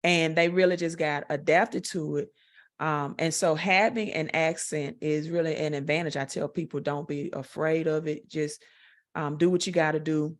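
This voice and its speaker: A woman with a Southern US accent speaks in a low voice. She sounds direct and confident. She talks at an unhurried pace, with frequent fillers, as an interview guest. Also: fairly even intonation. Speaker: guest, network marketer. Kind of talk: interview answers.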